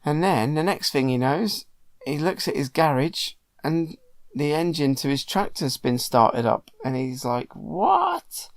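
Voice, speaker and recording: A father casually retelling a film to his child at home, chatty and animated with many ums. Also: on the high side, unhurried, dry recording. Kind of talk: casual storytelling.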